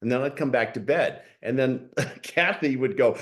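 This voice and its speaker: Animated laughing male host. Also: medium pitch, moderate pace. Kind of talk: conversational interview.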